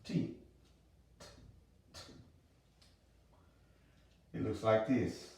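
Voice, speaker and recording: A man's voice: lowish voice, steady tone, vocal fry, darkish tone. Male teacher, patient and repetitive, recorded far from the mic in a very echoey room. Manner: repeats pronunciations slowly and patiently. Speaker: religious language teacher. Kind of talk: teaching a lesson. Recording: roomy sound from a distant mic.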